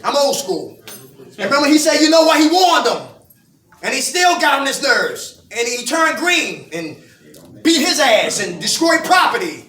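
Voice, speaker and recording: A man's voice: extremely high pitch, sing-song, normal speed, pushed and bright. A middle-aged man giving a preaching-style recovery talk, firing call-and-response questions at his audience. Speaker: recovery group speaker. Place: indoor meeting room with an audience. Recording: echoey room, voice from far off.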